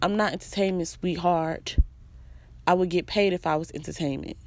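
Low-voiced woman venting bluntly. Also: fairly even intonation, normal speed. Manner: emphatic, blunt, profane, repeats phrases for emphasis. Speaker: vlogger. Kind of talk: venting personal monologue.

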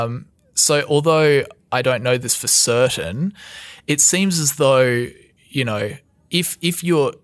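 A man's voice: mid-range voice, a bit bright, no echo. A man co-hosting a casual podcast, explaining thoughtfully and restarting phrases as he works through points. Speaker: podcast co-host.

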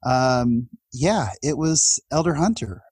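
Middle-aged guy from california, raspy-ish voice, mid pitch, chatty storytelling, gets animated. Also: slow, no echo. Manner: animated, voice jumps up when excited. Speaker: guest telling a personal story. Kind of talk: conversational storytelling.

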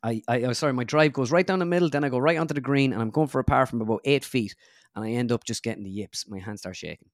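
A man's voice: mid-range voice, quick pace, no room sound, studio quality. A young Irish man, a guest comedian, telling a rambling golf story in casual chat, full of fillers. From Ireland.

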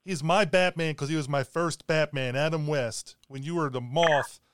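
A man's voice: fairly high pitch, normal speed, very noisy. A male podcast host interviewing an actress, asking questions in the manner of an eager fan. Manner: enthusiastic fan, lively questions. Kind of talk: casual interview chat.

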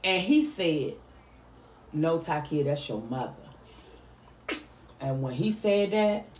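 A woman telling an emotional family story in a lively, animated way, acting out the other people's lines. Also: low voice, slow pace, reverberant, slight background noise. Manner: lively, animated retelling with voiced quotes. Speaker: mother telling her story.

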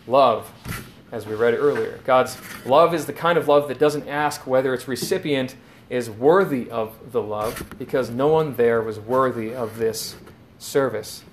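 A man's voice: mid-range voice, normal speed, a little hiss or hum. A man preaching a sermon, earnest and explanatory, retelling scenes in quoted lines.

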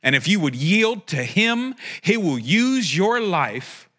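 A man's voice: very animated, slow, bright, forceful tone. A man preaching a prophetic sermon, speaking directly to listeners with passion and joking asides. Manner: impassioned, joking asides, rising to a fervent pitch.

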